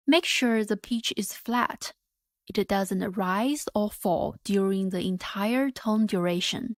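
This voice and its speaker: A woman teaching a pronunciation lesson, modelling each sound carefully and deliberately. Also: medium pitch, no room sound, studio quality. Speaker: Mandarin teacher. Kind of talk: slow, clear pronunciation lesson.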